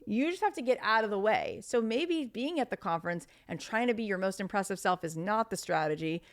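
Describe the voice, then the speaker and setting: A woman in her thirties, a podcast guest telling stories in casual conversation, chatty and animated with lots of fillers. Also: mid-range voice, brisk, few pauses.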